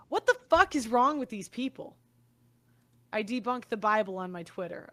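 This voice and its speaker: Heated, profane woman ranting with a bright voice. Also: high-pitched, normal speed. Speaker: commentator. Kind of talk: angry monologue.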